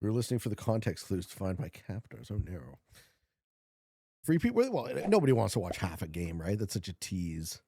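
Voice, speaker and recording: A man streaming a strategy board game, chatting casually with viewers and swinging from low murmurs to loud shouts. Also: sing-song, brisk, husky, dry recording, clean studio sound. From Canada.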